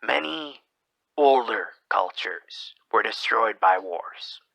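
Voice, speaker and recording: A man hosting a slow, brooding monologue, rambling and hesitant, who keeps dropping into whispers mid-sentence. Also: lowish voice, lively intonation, vocal fry, sharp tone, dry recording, low-quality recording. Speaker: podcast host.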